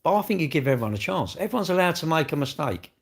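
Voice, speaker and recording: A man's voice: on the high side, big pitch swings, fast, creaky, husky. A man hosting a casual livestream, talking in an exasperated, rambling way and repeatedly calling the viewer "mate". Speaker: livestream host.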